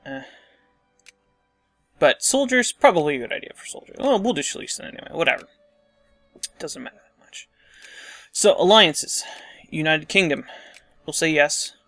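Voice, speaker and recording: A man's voice: on the high side, very animated, normal speed, long pauses, a bit bright, no room sound, soft background music. A man casually commenting on a strategy game as he plays, thinking aloud and muttering asides to himself. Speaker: let's play host.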